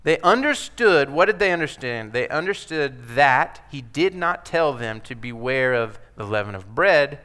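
A man's voice: medium pitch, animated, a little slow, hardly any pauses, pushed and bright, clear, resonant tone. A man preaching a sermon as pastor, talking emphatically and conversationally, acting out the scripture he quotes.

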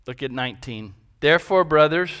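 A male pastor delivering a sermon in a bright, forceful voice that sits a little high for a man. He preaches emphatically, pressing his points with rhetorical questions and repeated phrases. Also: animated, brisk, clean tone.

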